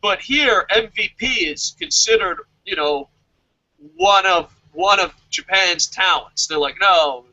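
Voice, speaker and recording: A man co-hosting a wrestling podcast, talking excitedly in casual chat, swearing constantly and laughing often. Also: high-pitched, unhurried, muffled recording. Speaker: podcast co-host reviewing a wrestling show. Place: lives in Japan.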